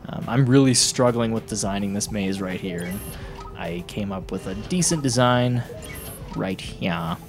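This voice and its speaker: Young male gaming commentator, deeper voice, casual rambling, music bed underneath. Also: animated, a little slow. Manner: rambling, laughs often, blunt and mocking. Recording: music playing behind voice.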